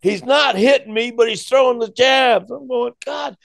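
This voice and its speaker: A man, a former wrestler, telling a story in a casual chat, animated and laughing often as he acts out the voices. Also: very high voice, moderate pace, gravelly, no echo, clean studio sound.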